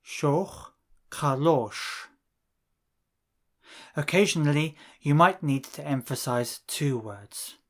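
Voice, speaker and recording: A man teaching a scripted language lesson, saying phrases slowly and deliberately and pausing so the listener can repeat them. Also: on the high side, lively intonation, fairly bright tone. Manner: slow, deliberate drilling with pauses for repetition.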